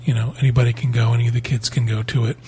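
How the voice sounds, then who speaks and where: A man's voice: medium pitch, little pitch movement, very fast, dark tone, husky. A man co-hosting a podcast, explaining policies in a plain, practical way in casual chat. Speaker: podcast co-host.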